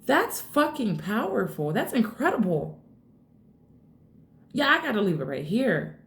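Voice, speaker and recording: Female tarot reader, casual and excitable, some vocal fry, echoey room. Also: medium pitch, a little slow. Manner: excitable, swears freely, addresses viewers as y'all. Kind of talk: casual tarot reading to camera.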